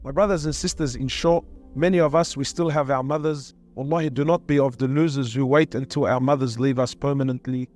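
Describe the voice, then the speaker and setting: A man's voice: mid-range voice, steady tone, a little fast, hardly any pauses, darkish tone, soft background music. A man giving an earnest, emotional sermon-style talk, repeating phrases for emphasis. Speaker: Muslim speaker.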